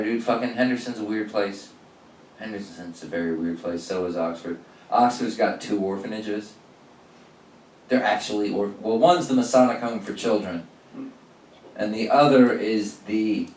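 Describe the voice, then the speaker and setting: A young adult man doing profane, animated stand-up storytelling and acting out the people in his stories. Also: on the low side. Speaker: stand-up comedian. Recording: roomy sound from a distance.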